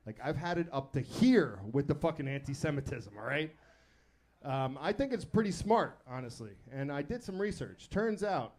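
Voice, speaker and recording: A man's voice: fairly high pitch, a little mellow. A man hosting a stand-up show, telling profane, edgy jokes between acts and bringing up the next comic. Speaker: comedy show host. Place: comedy club stage.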